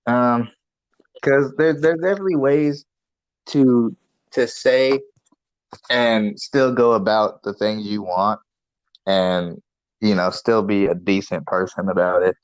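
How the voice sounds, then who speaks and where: A man's voice: fairly low pitch, fairly even intonation, takes it slowly, long pauses, dry recording. Male co-host, laid-back and rambling, casual swearing, muffled dry sound. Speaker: podcast co-host. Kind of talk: casual chat.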